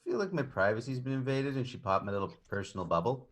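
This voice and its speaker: A man's voice: expressive, fast, noisy background. A young man, a player in a tabletop game, joking casually with the group. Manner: joking, swings pitch widely.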